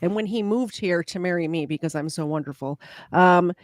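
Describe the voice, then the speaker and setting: A woman's voice: fairly low pitch, brisk, no echo. A woman from Chicago chatting on a live stream after several drinks, giggling and thanking viewers by name. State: has been drinking. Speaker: stream co-host. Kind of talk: casual chat.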